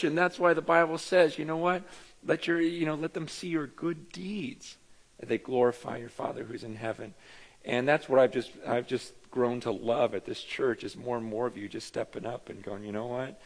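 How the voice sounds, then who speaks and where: A middle-aged man pastor preaching a conversational, animated sermon, telling stories with self-deprecating asides. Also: mid-range voice. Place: church sanctuary. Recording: reverberant church hall.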